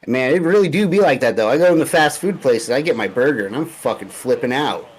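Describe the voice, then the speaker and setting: A man's voice: mid-range voice, lively intonation, quick pace, breathy edge, faint music behind. A young man co-hosting a podcast, talking in loose, slangy casual chat and swearing freely. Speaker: podcast co-host.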